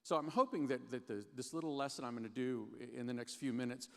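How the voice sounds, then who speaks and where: Earnest man preaching in a reverberant hall. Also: medium pitch. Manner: earnest, halting, many restarts. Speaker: guest chapel speaker. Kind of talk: chapel sermon. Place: large chapel hall.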